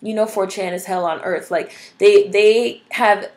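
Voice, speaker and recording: A woman's voice: mid-range voice, fairly even intonation, measured pace, a little mellow. A young adult woman vlogging, ranting bluntly and profanely, full of "like" and "you know". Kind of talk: casual ranting commentary to camera.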